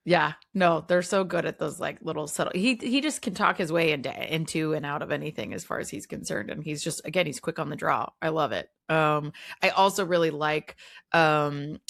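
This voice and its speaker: Low-voiced female podcast co-host. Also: moderate pace, vocal fry, a bit bright, no room sound, studio quality. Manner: chatty, uses "like" a lot, blunt opinions. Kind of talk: casual film-review chat.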